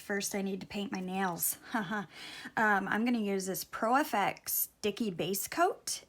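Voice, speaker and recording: A middle-aged woman giving a casual nail tutorial at home, talking slowly and softly, often dropping to near-whispers. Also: mid-range voice. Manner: slow, soft-spoken, drops to near-whispers. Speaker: beauty vlogger. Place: home, at a table.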